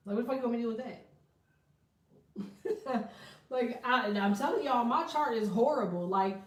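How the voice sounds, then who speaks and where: A woman giving a casual tarot reading, blunt and profane, breaking into laughing asides. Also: mid-range voice. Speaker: tarot reader. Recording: echoey room, distant from mic.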